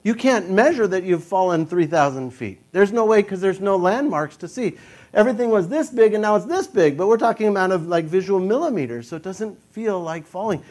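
Animated young man telling a story. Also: fairly quick. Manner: animated, jumps into high panicky voice for his own quoted thoughts. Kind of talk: casual storytelling.

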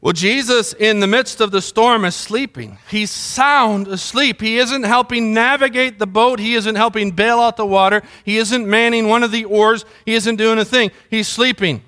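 Middle-aged man, pastor, sermon delivery with a high-set voice, chatty and story-driven. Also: moderate pace, few pauses, bright, forceful tone. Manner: conversational storytelling, mimics sounds.

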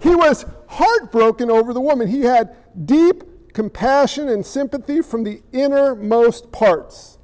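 High-voiced man preaching a sermon. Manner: animated, with quick asides to the congregation. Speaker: pastor.

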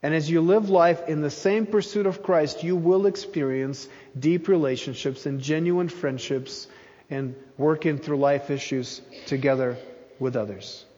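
A man's voice: a little high, a little slow, dark tone, big-room sound, dull audio. A man preaching a sermon in an earnest voice, pressing hard on his key phrases. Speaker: pastor.

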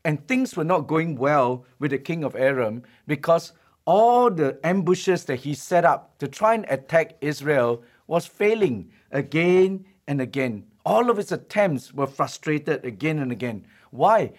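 A man in the pulpit preaching to his congregation, his voice sitting a little higher than most men's. He tells a story with emphasis and slows down to drive his main points home. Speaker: pastor. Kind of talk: sermon.

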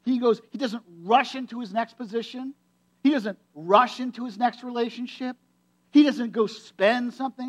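A pastor with a notably high-pitched male voice preaches a sermon. He speaks to his congregation casually and conversationally, driving home his points emphatically by repeating key phrases.

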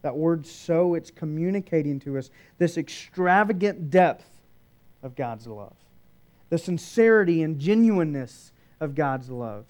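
A man preaching a sermon, shifting between loud emphatic declarations and hushed, quiet passages. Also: fairly high pitch, expressive, a little slow. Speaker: pastor.

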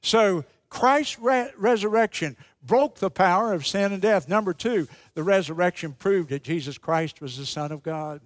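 A man preaching a sermon as a pastor, telling stories in a slow, emphatic and dramatic way. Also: high-pitched, lively intonation, no room sound.

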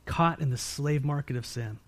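An American man preaching a sermon as pastor, asking his congregation questions and answering them himself, moving between loud emphatic peaks and quiet low-voiced stretches. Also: normal speed.

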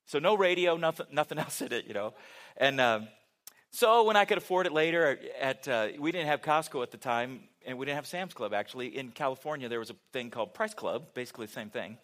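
A man's voice: mid-range voice, animated, fairly quick, fairly bright tone. A middle-aged man preaching a sermon, telling a story with humor and asking the audience questions.

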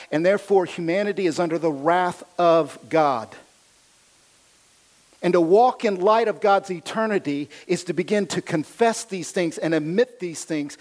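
A man delivering a sermon from the pulpit. His voice sits a little high for a man. He preaches with animated earnestness and drops into playful self-teasing asides. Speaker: pastor.

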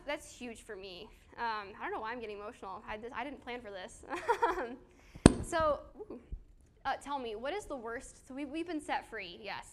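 A woman's voice: on the high side, a bit bright, a little hiss or hum. A woman giving a casual sermon to a small live group on a handheld mic, chatty and self-deprecating, with fillers and questions to the audience. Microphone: handheld microphone.

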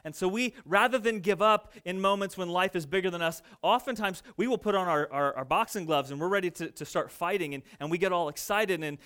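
A young adult man preaching a sermon, telling a story in an animated, conversational way to his congregation. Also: high-pitched, brisk, hardly any pauses, smooth. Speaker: pastor. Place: church sanctuary.

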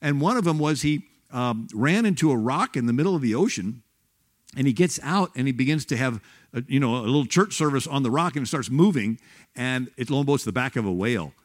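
A man's voice: mid-range voice, lively intonation, brisk. Man giving a rambling church talk. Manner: rambling, restarts often, grows fervent. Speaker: guest speaker on church history. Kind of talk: sermon-style history talk.

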